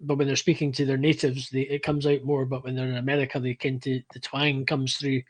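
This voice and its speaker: Soft-spoken, rambling man. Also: mid-range voice, little pitch movement, fairly quick. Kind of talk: casual chat on a live stream.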